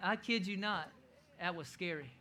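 Animated, bright-voiced male preacher. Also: high voice, normal speed. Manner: animated, laughing storyteller who shouts quoted lines. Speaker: pastor. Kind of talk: sermon storytelling.

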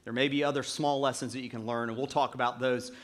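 A man's voice: mid-range voice, fairly even intonation, fast, a bit bright. A man in his thirties preaching a sermon as pastor, talking in a chatty, self-mocking way with lots of fillers.

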